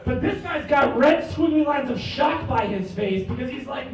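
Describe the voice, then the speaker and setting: Guy doing standup in a bar, real high voice, bragging like he's famous, echoey far mic. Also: animated, moderate pace, few pauses, soft background music. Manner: cocky, mock-boastful. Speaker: stand-up comedian. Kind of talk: stand-up comedy set.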